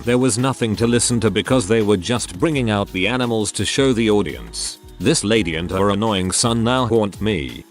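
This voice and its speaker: A man narrating stories submitted by viewers in a steady, even reading voice. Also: on the low side. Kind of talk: scripted story narration. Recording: soft music bed behind the voice.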